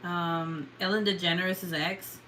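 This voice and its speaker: A woman's voice: fairly low pitch, steady tone, slow pace, sharp tone, slight background noise, rough recording. A tired young woman chatting casually in a late-night livestream, rambling and swearing with lots of fillers. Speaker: vlogger.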